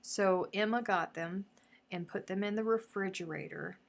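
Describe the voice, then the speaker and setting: A woman hosting a casual live craft stream, chatting effusively and dropping now and then into soft murmurs. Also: medium pitch, moderate pace, gravelly. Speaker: crochet livestream host.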